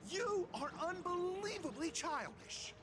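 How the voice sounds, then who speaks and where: Young fan girl, high lively voice, snaps at rudeness, music behind. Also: measured pace, background noise. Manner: exasperated, sharp retorts. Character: indignant young woman fan, quick to scold. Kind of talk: video game voice acting. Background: game music.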